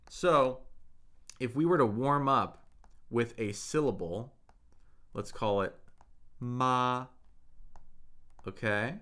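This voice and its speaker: A man's voice: mid-range voice, fairly bright tone. A young man teaching Mandarin tones in a live-streamed lesson, drilling syllables aloud and checking in with viewers in the chat.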